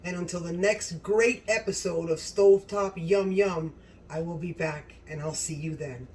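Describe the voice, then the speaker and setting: A woman hosting a home cooking video in her kitchen, gushing with excitement and talking straight to her viewers in a casual way. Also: on the low side, normal speed, distant mic, a little hiss or hum, poor audio. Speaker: cooking channel host.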